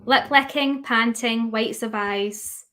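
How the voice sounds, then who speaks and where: A woman's voice: a little high, takes it slowly, bright, forceful tone. Chatty woman teaching a webinar. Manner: chatty, asks the audience questions, reads out chat replies. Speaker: dog grooming educator.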